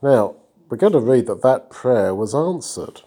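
A man's voice: medium pitch, sing-song, unhurried, dark tone, husky. A man reading and explaining a Bible passage in an easy, conversational way, stopping to praise a listener. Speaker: Bible teacher. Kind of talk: informal Bible reading and teaching.

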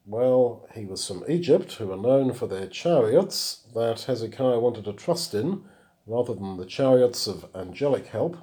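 Mellow man teaching scripture. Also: medium pitch, animated, measured pace. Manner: explanatory, reads scripture aloud then comments. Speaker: Bible teacher. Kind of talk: verse-by-verse Bible teaching.

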